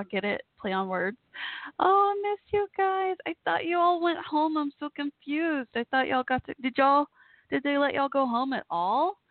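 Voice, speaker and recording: This live internet radio host has a fairly high-pitched voice, and the recording is dry and tinny like a phone, with no room sound. Her casual chat show is full of emotional gushing and rambling talk.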